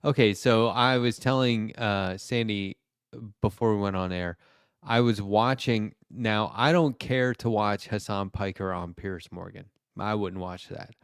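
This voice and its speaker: A man's voice: lowish voice, clean tone, dry recording, studio quality. A man hosting a casual political chat show, telling stories and acting out what people said. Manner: animated, acts out quotes, swears. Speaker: podcast host.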